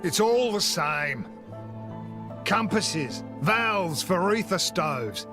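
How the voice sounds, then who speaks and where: An actor playing a blunt, world-weary middle-aged mercenary captain in a video game, with a broad, exaggerated Australian accent and a rough drawl. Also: male voice, high voice, expressive, very slow, exaggerated voice. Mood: gruff. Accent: broad exaggerated Australian (Bogan). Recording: game audio with music behind.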